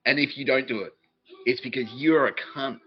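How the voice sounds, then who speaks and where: A podcast host with a brisk, medium-pitched voice and a breathy edge rants through a rambling, profane monologue, mocking people in put-on voices. The recording is dull and lo-fi.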